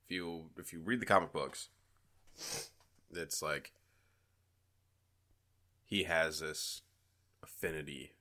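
A man's voice: very deep voice, slow, long pauses, bright, forceful tone. A man co-hosting a podcast, talking in a rambling, casual way and swearing freely. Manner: rambling, profane, mimics his friend. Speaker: podcast co-host. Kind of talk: casual chat.

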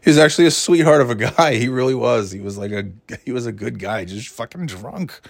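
A man's voice: mid-range voice, lively intonation, a little fast, gravelly, no room sound. A man telling a long casual story, swearing freely and rambling with many asides. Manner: profane, rambling, exasperated.

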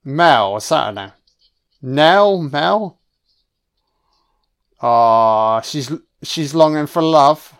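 A man's voice: fairly high pitch, animated, very slow, long pauses, smooth. A man giving a casual, wisecracking film commentary on a first watch, swearing freely and talking back at the screen. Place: home recording, voice only.

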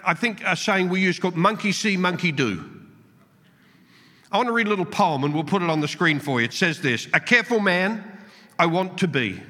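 A middle-aged man preaches a sermon in a church auditorium, telling stories playfully and animatedly. His voice sits high and sounds bright and forceful, with sudden dips in pitch. A long hall reverb trails behind every phrase. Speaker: pastor.

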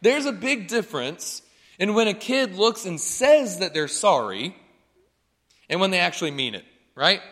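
Bright-voiced man preaching in a reverberant hall. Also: high voice, big pitch swings, unhurried. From North Carolina. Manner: chatty, joking, asks "right?" often. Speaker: pastor. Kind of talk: sermon.

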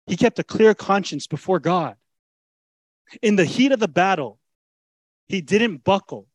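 A man's voice: fairly high pitch, darkish tone, no room sound. Earnest preaching man, dry close sound. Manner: earnest, emphatic, conversational preaching. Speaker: pastor. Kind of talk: sermon.

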